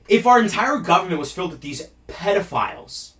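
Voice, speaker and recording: A man's voice: high voice, sing-song, brisk, few pauses, a bit bright, distant mic. A man hosting a political talk show, ranting in a heated, profane, mocking way. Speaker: show host.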